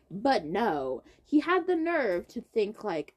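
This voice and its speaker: Lively young woman telling a story. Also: a little slow, few pauses. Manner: animated storytelling, quotes others with big pitch swings. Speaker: podcast co-host. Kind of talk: casual chat.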